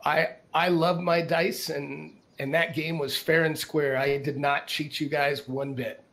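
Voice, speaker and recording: A man voicing a friendly, hesitant woman boat captain in a tabletop game, talking haltingly with many restarts. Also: a little high, flat delivery, a bit bright. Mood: pleading.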